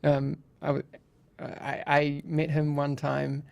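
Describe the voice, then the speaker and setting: Gravelly-voiced man hosting a podcast. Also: a little high, monotone, takes it slowly, darkish tone. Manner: chatty anecdotal storyteller, many restarts. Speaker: podcast host. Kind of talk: casual podcast chat.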